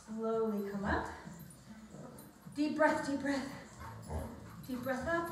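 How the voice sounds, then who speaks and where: An upbeat woman fitness instructor coaches a workout class, cheering people on and counting reps, slightly out of breath. Her voice sits a bit high and rings in a very echoey room, picked up from some distance. A faint room hum sits behind her. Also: extremely slow, long pauses. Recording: echoey room, mic far off.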